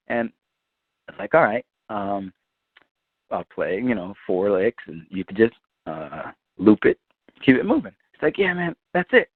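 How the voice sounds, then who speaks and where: Man, guitarist guest, sweary animated storyteller; lively pitch, tinny dry phone-like sound. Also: no echo. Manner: lively, swears freely, acts out quoted voices.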